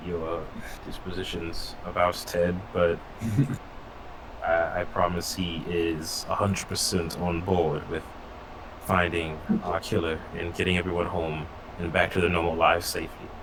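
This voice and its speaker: Low-voiced placating man, noisy mic. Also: little pitch movement, measured pace. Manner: placating, earnest, laughs often. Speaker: player. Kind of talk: playing a tabletop game. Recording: background noise on the mic.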